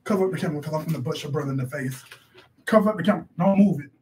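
A man playing a loud, bossy middle-aged mother who rants and scolds in slangy speech for a comedy sketch. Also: a little high, rapid-fire, recorded from a distance, a little hiss or hum, lightly acted. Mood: scolding. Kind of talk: improvised comedy sketch, live-stream parody.

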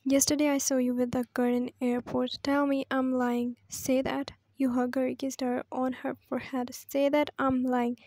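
Brief: a woman voicing a heartbroken young girlfriend, high, flat, dry. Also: normal speed, hardly any pauses, no echo. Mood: accusing. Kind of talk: reading a fan story aloud.

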